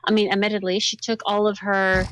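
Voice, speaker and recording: A woman's voice: mid-range voice, little pitch movement, a little fast, a bit bright, dry recording, low-quality recording. A woman co-hosting a casual podcast chat, giggly and teasing. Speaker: podcast co-host.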